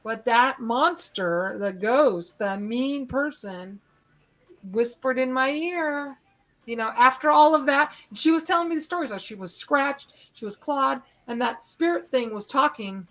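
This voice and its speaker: Rambling, animated woman telling a story. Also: high voice, unhurried. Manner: rambling, animated, acts out moments. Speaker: host. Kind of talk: live-stream storytelling.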